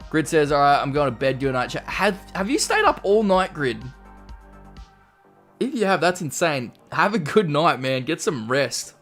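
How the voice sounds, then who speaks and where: A man's voice: a little high, very animated, moderate pace, fairly bright tone. Chatty man streaming live. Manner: chatty, reads viewer comments aloud and reacts. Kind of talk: casual live-stream chat. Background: faint background music.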